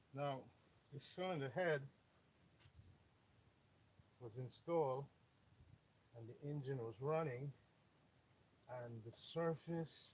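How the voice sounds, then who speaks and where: A man talking through an engine rebuild in a casual, wisecracking way, tossing in off-color jokes as he explains. His voice sits at an ordinary middle pitch, with a faint hum of noise behind him. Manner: joking, off-color asides. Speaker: auto mechanic. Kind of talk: casual repair how-to.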